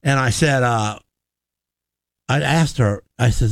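A man in casual radio talk, telling a story with animated delivery and acted-out quotes. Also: mid-range voice, takes it slowly, creaky, long pauses, dry recording, studio quality. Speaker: radio show regular.

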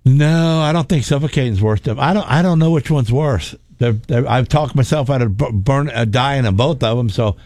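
A man, a race car driver telling a wild story in casual chat, animated and repetitive, laughing often. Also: medium pitch, normal speed, hardly any pauses, dry recording.

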